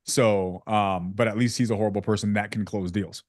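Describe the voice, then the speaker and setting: A man with a fairly low, steady voice talks a little fast while hosting a sales community on a video call, full of jokes, slang, and fillers in a casual coaching chat. The recording is dry and clean, studio quality.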